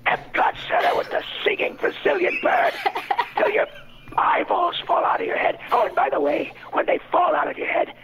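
Man putting on a gravelly hateful demon. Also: very high voice, huge pitch swings, normal speed, dull audio, slight background noise, voice pushed up, exaggerated voice. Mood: gloating. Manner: sneering, contemptuous rant. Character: hateful cynical arrogant male demon.

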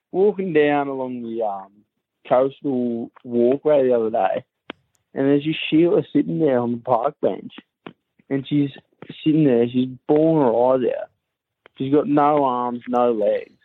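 Australian bloke telling a crude joke, tinny phone line. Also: male voice, mid-range voice, measured pace, long pauses, no room sound. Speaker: caller.

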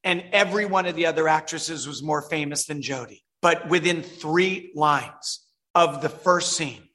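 Bright-voiced animated male film director. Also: on the high side, normal speed. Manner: animated storyteller, reenacts voices. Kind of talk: interview guest telling a story.

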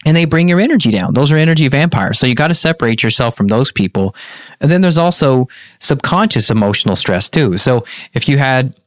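A man's voice: medium pitch, animated, fairly quick, no room sound. Male health practitioner, earnest storyteller, dry studio sound. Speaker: functional medicine practitioner. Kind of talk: podcast interview.

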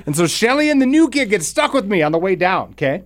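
A man's voice: high-pitched, quick pace, dry recording. A man hosting a podcast, telling a long story in casual chat, swearing often and acting out other people's lines. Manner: profane, animated storytelling with exaggerated quoted voices. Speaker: podcast host.

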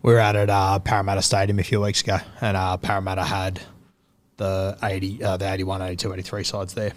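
A man's voice: sits low, flat delivery, fast. A man with an Australian accent hosting a podcast and asking casual questions in a friendly way. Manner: matey, prompting questions with fillers. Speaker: podcast host. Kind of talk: casual interview.

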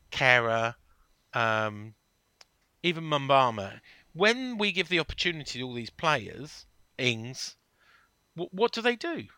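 Man, podcast host, casual football chat, animated storyteller, dry close sound. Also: medium pitch, smooth, dry recording.

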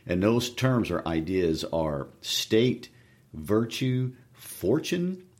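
A man with a very deep, low voice co-hosting a literary podcast. He talks in a thoughtful, unhurried way and often pauses with hesitations. His tone stays conversational throughout. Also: sing-song, a little mellow. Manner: thoughtful, hesitant, frequent "uh" fillers. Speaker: podcast co-host.

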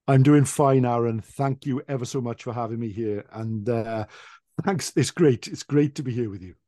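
A man's voice: medium pitch, moderate pace, warm tone, dry recording. Chatty Welsh man, dry-sounding. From Wales. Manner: chatty, self-deprecating, with frequent ums and laughs. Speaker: podcast guest, traditional storyteller. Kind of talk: casual interview chat.

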